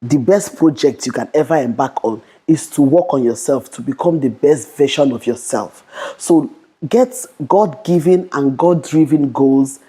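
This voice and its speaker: A young adult woman vlogger giving a fast, bold motivational Christian talk to camera, often repeating "okay". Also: extremely low pitch, mellow, slightly rough.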